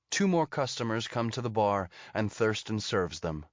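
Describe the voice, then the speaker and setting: A man narrating an audiobook thriller in a steady, measured storytelling manner. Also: on the low side, dry recording. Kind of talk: scripted narration. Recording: dull lo-fi dry audio.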